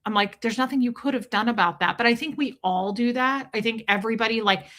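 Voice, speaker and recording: Middle-aged woman, livestream host, bright tone, chatty and heartfelt, breaks off to greet viewers. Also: a little high, fast. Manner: chatty and emotional, greets viewers by name mid-story. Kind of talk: casual livestream chat.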